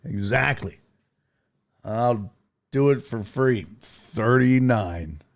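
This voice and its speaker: A man's voice: medium pitch, very slow, slight background noise. A middle-aged man hosting a casual sports talk stream, chatting with viewers in a profane, jokey way. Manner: profane, animated, jokey, slips into mock voices. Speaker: sports talk show host. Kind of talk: casual live-stream chat, reading viewer comments.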